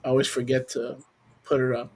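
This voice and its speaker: A man's voice: medium pitch, monotone, fairly quick, breathy edge. A man leading a roundtable Bible teaching, speaking emphatically with rhetorical questions and mocking asides while sharing his screen.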